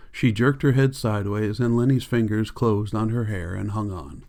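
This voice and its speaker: A man narrating an audiobook in a calm, measured reading. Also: on the low side. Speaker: audiobook reader.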